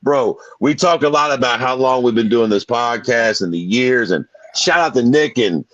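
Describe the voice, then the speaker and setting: A man co-hosting a podcast, talking in loud, hyped-up, swear-filled banter. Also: mid-range voice, moderate pace, no room sound, lo-fi sound. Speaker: podcast co-host. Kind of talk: casual podcast chat.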